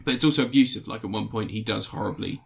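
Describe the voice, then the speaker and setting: A man's voice: lowish voice, fast, creaky. Rambling man chatting. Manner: rambling, many fillers and restarts. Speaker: podcast co-host reviewing TV. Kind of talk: casual chat.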